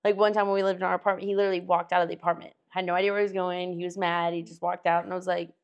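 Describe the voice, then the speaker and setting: A woman's voice: fairly low pitch, little pitch movement, racing, smooth, muffled recording. A young woman in casual podcast chat, chatty, laughing often, trailing off and restarting. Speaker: podcast co-host, engaged to a host.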